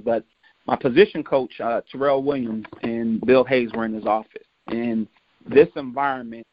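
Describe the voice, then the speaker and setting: A man's voice: mid-range voice, no echo. A man who played college football tells personal stories in a motivational talk, acting out the voices of the people he quotes. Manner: animated, acts out quoted voices. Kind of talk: storytelling talk. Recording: dull lo-fi dry recording.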